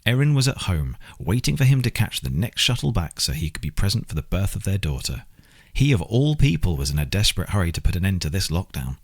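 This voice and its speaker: Deep, husky male audiobook narrator. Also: sing-song, brisk.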